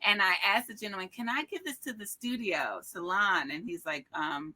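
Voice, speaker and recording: A woman's voice: mid-range voice, normal speed, pushed and bright. A middle-aged woman speaking as a motivational speaker, telling a personal story with energy and expression, acting out the dialogue.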